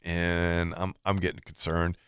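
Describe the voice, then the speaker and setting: A man co-hosting a fishing show, telling a long hunting story in a relaxed, chatty way and acting out what each person said. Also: low-pitched, unhurried, clean tone, no echo, studio quality. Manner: animated storyteller, acts out quoted exchanges. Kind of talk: casual storytelling.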